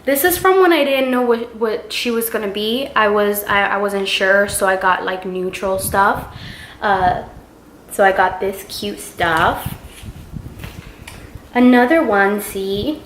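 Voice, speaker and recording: A woman's voice: medium pitch, slow, a bit bright, slight background noise. A young woman chatting casually as she shows off baby clothes, gushing and full of fillers. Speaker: vlogger showing a baby haul. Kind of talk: casual show-and-tell chat. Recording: roomy home recording.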